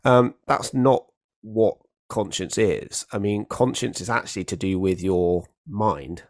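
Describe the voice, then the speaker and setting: A man's voice: fairly low pitch, measured pace, no room sound, clean studio sound. A man in a casual theological discussion, making his points firmly and acting out short example exchanges. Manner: emphatic, explains with acted-out examples.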